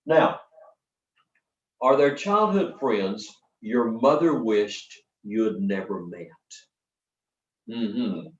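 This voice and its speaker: An older man leading a storytelling workshop, talking to a live audience in a folksy, lively way with dramatic pauses. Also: on the low side. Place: workshop hall. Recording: roomy, distant, dull sound from the back of a hall.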